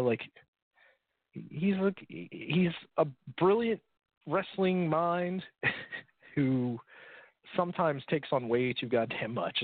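A man's voice: mid-range voice, husky, dry recording. A man co-hosting a casual podcast, laid-back, laughing often and swearing. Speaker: podcast co-host. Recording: tinny phone-like line, dry.

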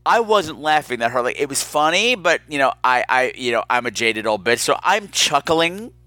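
A man's voice: mid-range voice, normal speed, no room sound. A man hosting a podcast in casual chat, telling stories in a campy, sardonic way. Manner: campy, sardonic, animated storytelling. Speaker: podcast host.

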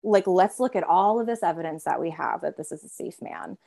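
A woman's voice: on the low side, animated, vocal fry, mellow. A woman therapist talking casually in an interview, filling her speech with "like" and briefly voicing her own inner parts. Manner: chatty, heavy use of filler "like"; voices her inner parts in quick asides.

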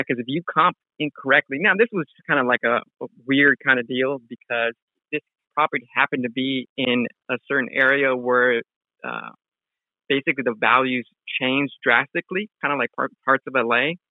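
A man's voice: medium pitch, no room sound. A man recounts a story in an easygoing, rambling way, full of restarts. His voice comes through thin and tinny, like a phone line, with no room sound. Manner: rambling, many fillers and restarts. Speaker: guest, real estate wholesaler. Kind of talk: casual storytelling interview.

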